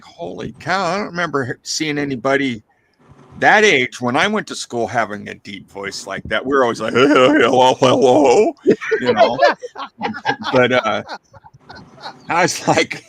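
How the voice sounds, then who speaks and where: Man telling animated stories on a live stream. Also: medium pitch, a little hiss or hum. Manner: animated storyteller, acts out quoted voices. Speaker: live stream chat participant. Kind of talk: casual chat, storytelling.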